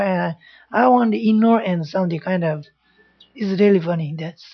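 A man's voice: high voice, moderate pace, muffled recording. A man who is not a native English speaker, giving an informal Buddhist talk, earnest and repetitive, often checking in with "yeah?". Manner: earnest, repeats phrases, frequent "yeah?" checks. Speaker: Buddhist teacher.

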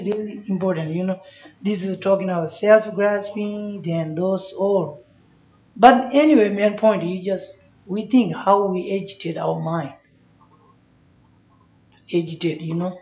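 In an echoey classroom, a mid-pitched Buddhist teacher gives a Dharma talk in halting, basic English. The recording is dull and muffled, and the teacher frequently asks "yeah?" or says "you know" to make sure the class follows.

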